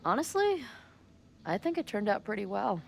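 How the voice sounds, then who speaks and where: A calm young investigator. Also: female voice, mid-range voice, normal speed, creaky, slight background noise. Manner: even, questioning. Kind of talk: video game dialogue.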